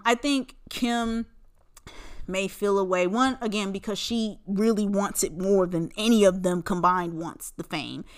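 A woman's voice: medium pitch, smooth. A woman in her forties hosting a casual solo podcast, talking in a blunt, profane, rambling way with lots of fillers. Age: 40s. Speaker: podcast host.

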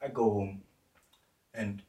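A young man from the UK telling a story in casual chat, animated and acting out what people said. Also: fairly low pitch, slow pace. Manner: animated, acts out quotes, lots of slang fillers. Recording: roomy, distant mic.

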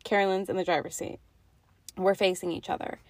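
A woman's voice: on the low side, fairly even intonation, brisk, no room sound. A young woman telling stories in casual chat, laughing and swearing freely, recorded on one microphone in a parked car at night. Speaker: podcast co-host. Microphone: single mic between two people.

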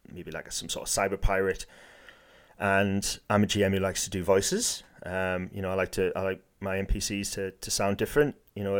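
A man with a somewhat deep voice chats casually as a podcast co-host. He probes each point with hypotheticals and plays devil's advocate, thinking out loud as a game master. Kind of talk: casual discussion.

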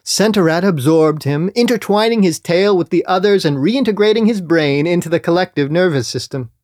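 A man narrating a comic children's-style story, deadpan with crude rambling asides. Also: sits high, fairly quick, no echo, studio quality. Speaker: storyteller and podcast host.

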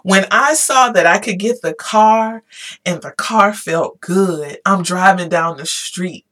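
A woman talking casually to her viewers, animated and emphatic, repeating her points and growing emotional at times. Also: on the low side, takes it slowly. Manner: animated, repetitive, emphatic, Southern-style "y'all". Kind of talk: casual motivational talk to viewers.

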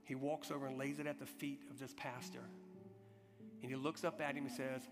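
A man preaching a sermon, telling a story dramatically, swinging from urgent loud passages to hushed, quiet ones. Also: medium pitch, level tone, brisk. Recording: long hall reverb with music behind.

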